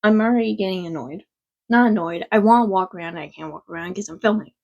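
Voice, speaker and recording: Gravelly woman rambling through a makeup tutorial. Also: medium pitch, fast, highs cut off. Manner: rambling, frank, self-deprecating with swearing. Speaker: makeup vlogger. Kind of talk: casual makeup tutorial chat. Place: quiet home.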